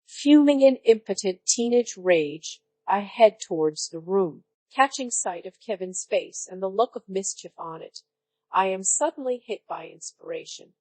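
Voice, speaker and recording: A synthetic woman's voice reading a story aloud in a flat, even way, as narrator. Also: medium pitch, no echo, poor audio.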